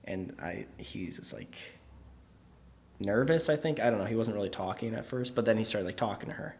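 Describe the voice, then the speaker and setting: A man's voice: lowish voice, lively intonation, moderate pace, a little mellow. A young man co-hosting a podcast, telling a long story in a casual, rambling way, full of fillers and laughs. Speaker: podcast co-host.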